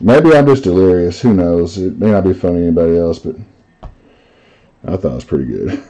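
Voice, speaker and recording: A man's voice: low voice, expressive, a little fast, warm tone, low-quality recording. A man hosting a live card break, chatting casually, telling stories and reading out the cards he pulls. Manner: chatty storyteller, laughs easily, reads out cards.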